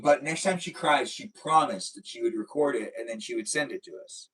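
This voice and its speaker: A man's voice: medium pitch, brisk, fairly bright tone, husky, rough recording. A young man hosting a casual live stream, chatting playfully and answering viewers' comments.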